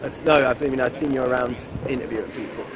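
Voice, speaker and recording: A man's voice: medium pitch, fairly even intonation, quick pace, a crowd in the background. A man approached on a street, answering hesitantly and evasively. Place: outdoors on a city street. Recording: street noise outdoors.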